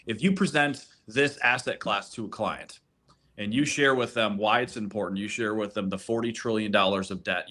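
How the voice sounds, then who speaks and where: A man's voice: on the low side, sharp tone. A man speaking as a gold consultant on a webinar, persuasive, often repeating a word as he starts. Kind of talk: webinar presentation.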